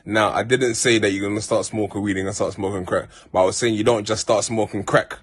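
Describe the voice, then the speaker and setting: A man's voice: on the low side, steady tone, fast, breathy edge. A man from South London with a South London accent, telling rambling, heartfelt stories in a casual monologue full of street slang and restarts. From Peckham, South London. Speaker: vlogger.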